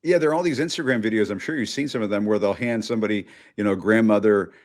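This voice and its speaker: A man hosting an interview, chatting casually with jokey asides and halting restarts. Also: fairly low pitch. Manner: jokey, conversational, hesitant restarts. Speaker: interview host.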